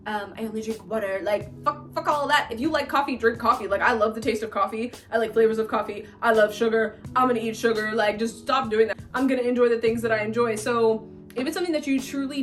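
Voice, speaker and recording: Emphatic woman in her late twenties. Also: a little high. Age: late 20s. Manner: emphatic, blunt, repeats lines for effect. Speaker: vlogger. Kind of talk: casual advice vlog.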